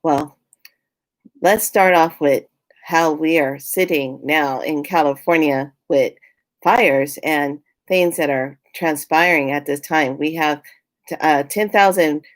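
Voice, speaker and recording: A woman mimicking a halting, robotic male politician. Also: deep voice, dry recording. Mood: stilted. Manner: stilted, halting, reading numbers. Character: halting, monotone male politician giving a briefing.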